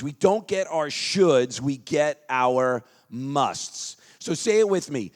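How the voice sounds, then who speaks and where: A man giving an energetic motivational seminar talk, leading the crowd in chants and dropping into quiet asides. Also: a little high, slow pace, hardly any pauses. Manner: energetic, leads crowd chants, swings between loud calls and quiet asides.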